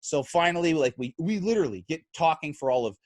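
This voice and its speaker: A man's voice: fairly high pitch, fast talker, no room sound, clean studio sound. A man hosting a casual podcast, telling stories with lots of energy and cursing freely. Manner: lively, swears freely, acts out quotes. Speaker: podcast host. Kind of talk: casual chat, animated storytelling.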